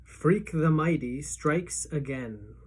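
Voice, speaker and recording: Teacher lady reading a book chapter aloud to her class, steady tense narration. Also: deep voice, takes it slowly, breathy edge.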